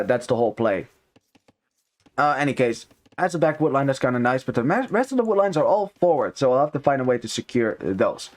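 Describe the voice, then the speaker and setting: A man casting a strategy game match live, talking in a chatty, upbeat way with many fillers and quick self-corrections. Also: medium pitch. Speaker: esports caster.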